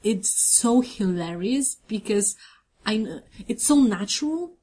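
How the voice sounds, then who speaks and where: Slow-talking woman podcast co-host. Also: mid-range voice, expressive, warm tone, husky. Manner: enthusiastic, rambling with many fillers. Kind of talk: casual TV recap chat.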